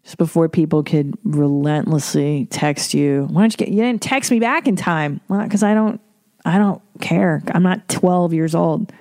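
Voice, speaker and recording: Woman, middle-aged, podcast host, low voice, rambling, profane, blunt, dry close sound. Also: a little slow, darkish tone, no echo. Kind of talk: casual solo podcast talk.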